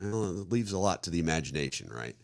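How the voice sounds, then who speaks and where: A man from the American Midwest talks in a very low voice, recorded close and dry. He co-hosts a podcast in a loose, casual way, restarting sentences and acting out little scenes as he goes. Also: big pitch swings, fast, gravelly, no room sound. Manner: rambling, restarts often, acts out example scenarios. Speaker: podcast co-host. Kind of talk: casual conversational discussion.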